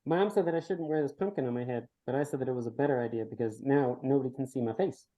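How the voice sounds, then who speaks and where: A woman voicing a small girl wearing a pumpkin over her head, speaking quietly and matter-of-factly. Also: very deep voice, quick pace, pitched below the performer's own voice, low-quality recording.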